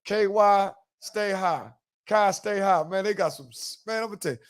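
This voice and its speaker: A man's voice: sits high, moderate pace, clean tone. A man hosting a podcast in a casual chat, telling loose, profane stories and acting out quotes. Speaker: podcast host.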